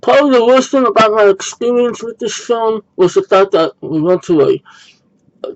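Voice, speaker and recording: A man talks through a movie review in a loose, rambling way, stopping to correct himself and sounding a little exasperated. His voice sits a touch high for a man. The recording is dull and lo-fi, as if picked up by the wrong microphone. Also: moderate pace, a little hiss or hum. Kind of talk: casual video review. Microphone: wrong built-in mic instead of the intended USB mic.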